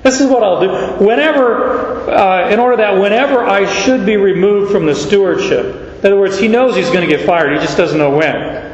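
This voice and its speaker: Male pastor, folksy sermon with stories, slightly high voice, echoey hall. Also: moderate pace, few pauses. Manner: folksy, anecdotal, animated. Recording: echoey hall, dull sound.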